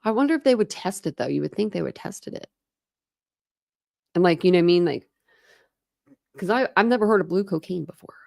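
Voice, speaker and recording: A woman's voice: on the low side, lively intonation, brisk, creaky, long pauses, darkish tone, dry recording, studio quality. A young woman hosting a true crime channel, reading court documents aloud and breaking off into chatty commentary full of "like" fillers.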